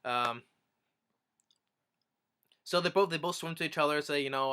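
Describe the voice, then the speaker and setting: A man's voice: mid-range voice, normal speed, pauses often, pushed and bright, clean tone. A man casually retelling a movie's plot as a reviewer, rambling with many restarts. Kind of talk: casual film review recap.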